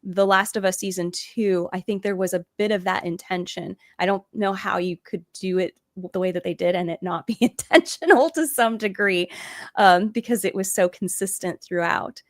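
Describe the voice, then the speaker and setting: A woman's voice: medium pitch, normal speed, dry recording, clean studio sound. A woman hosting a podcast, chatting casually and asking her guest questions. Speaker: podcast host. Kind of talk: casual discussion.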